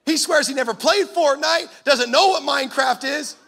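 A man's voice: very high-pitched, normal speed, sharp tone. A man preaching a sermon as a pastor, in an impassioned, punchy way.

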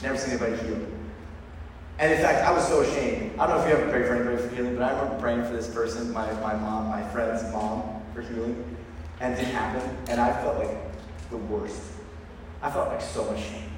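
A man preaching a sermon, telling stories with lively call-and-response to his congregation. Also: medium pitch, brisk, a little hiss or hum. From Lancaster County, Pennsylvania. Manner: energetic, storytelling with call-and-response. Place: large hall with audience. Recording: echoey hall recorded from far off.

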